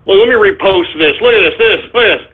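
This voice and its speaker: Abrasive, high-voiced male radio host. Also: animated, quick pace. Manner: abrasive, insulting, sarcastic. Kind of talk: live internet radio shout-outs and rant. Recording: tinny phone-like sound.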